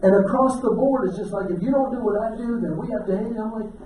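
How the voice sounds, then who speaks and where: A high-voiced, mellow male stand-up comic performs a set in a banquet hall, telling folksy stories and tossing quick asides to the live audience. The distant mic picks up an echoey, roomy sound with slight background noise and audience laughter.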